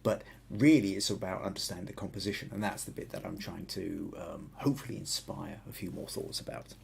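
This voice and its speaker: A man's voice: deep voice, fairly even intonation, fairly quick, gravelly, slight background noise. A man with a Southern English accent hosting a live photography podcast, explaining ideas thoughtfully and often restarting his sentences. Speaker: podcast host.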